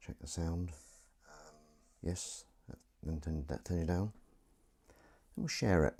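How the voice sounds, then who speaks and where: Low husky man rambling to his stream. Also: steady tone, normal speed, long pauses, darkish tone. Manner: rambling, self-mocking, talks to himself while setting up. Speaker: livestream host. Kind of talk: casual solo livestream chat.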